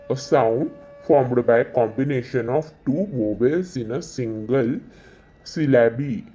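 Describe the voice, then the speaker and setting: Slow, dark-voiced man teaching. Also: mid-range voice, lo-fi sound. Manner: repeats each definition several times, drawn out. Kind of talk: slow repetitive exam-revision lesson.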